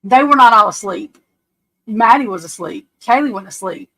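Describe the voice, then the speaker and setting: A woman hosting a live stream, giving casual true crime commentary in a blunt, profane, animated way and often laughing. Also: on the high side, moderate pace, rough recording. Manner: laughs often while telling stories. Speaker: livestream host. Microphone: webcam or desk mic on a live stream.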